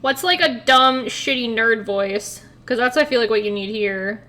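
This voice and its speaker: Bright, high-voiced giggly woman. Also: normal speed. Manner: giggly and playful. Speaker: streamer. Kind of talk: casual game stream chat.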